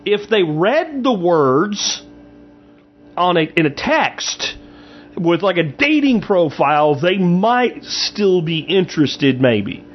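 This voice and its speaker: A man's voice: sits high, very animated, slow pace, muffled recording, soft background music. A man hosting his own show, giving a blunt, emphatic commentary monologue straight to his listeners. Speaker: show host.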